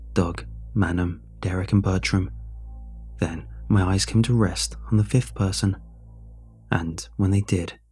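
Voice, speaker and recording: Low, husky male horror narrator. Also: warm tone. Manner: tense first-person storytelling. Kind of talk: scripted horror story narration.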